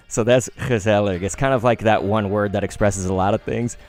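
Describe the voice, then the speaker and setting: A man in his thirties chatting casually on a card-opening live stream, rambling between stories and bursting into excited outbursts. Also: lowish voice, moderate pace, faint music behind.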